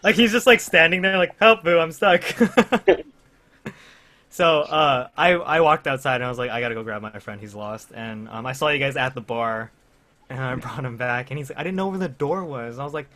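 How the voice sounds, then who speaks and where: A young man co-hosts a podcast, rambling through a story amid fillers and laughter while chatting casually with friends. His voice sits at medium pitch, bright and forceful, at a moderate pace.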